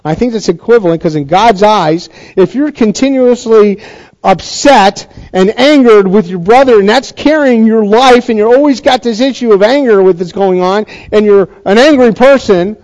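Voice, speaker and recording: High-voiced man preaching casually. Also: normal speed, a little mellow, rough recording. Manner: conversational, chatty preaching with frequent restarts. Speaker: pastor. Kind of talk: sermon.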